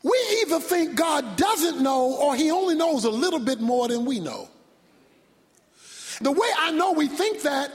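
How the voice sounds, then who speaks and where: High-voiced preacher with dramatic swings. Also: male voice, lively intonation, unhurried. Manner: dramatic, shouting, sudden drops to near whisper. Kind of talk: sermon. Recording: long hall reverb.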